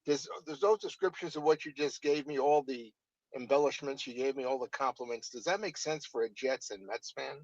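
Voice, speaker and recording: A man's voice: medium pitch, a little fast, darkish tone, no echo. A man from New York, a guest author on a talk show, who talks in an eager, stammering, respectful way. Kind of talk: casual talk show chat. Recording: dry, dull lo-fi audio.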